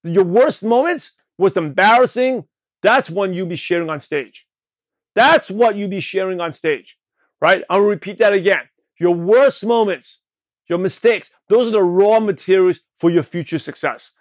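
A man from Brooklyn, New York, hosting a show and giving an energetic motivational talk on network marketing, with a slight lisp, often checking in with the listener. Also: high voice, a little slow, no room sound. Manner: energetic, repetitive, asks the listener questions. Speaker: podcast host, network marketing coach.

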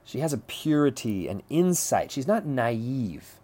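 A man's voice: mid-range voice, sing-song, a little slow, dark tone. A man teaching a lecture on a play, talking conversationally, often repeating words and checking in with "right?".

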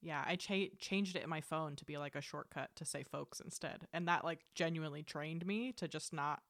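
A woman on a podcast, talking softly and low-key in the casual chat. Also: normal speed, no room sound, studio quality.

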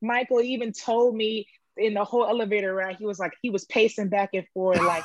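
A woman powerlifter being interviewed, telling her competition story in a casual, animated way and acting out what people said. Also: fairly quick, dull audio, a little hiss or hum. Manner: animated storytelling, acts out quotes with high pitch jumps. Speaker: powerlifter guest.

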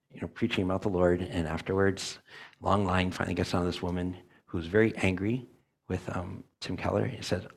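Gravelly low-voiced male preacher. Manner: earnest, acts out quotes, emphatic repetition. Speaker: elder preaching. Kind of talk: sermon.

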